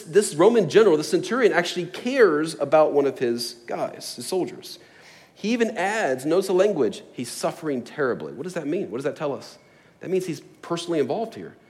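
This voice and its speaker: Male pastor mid-sermon, animated delivery with a lot of pitch swing, plays out little scenes. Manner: animated storytelling with acted asides.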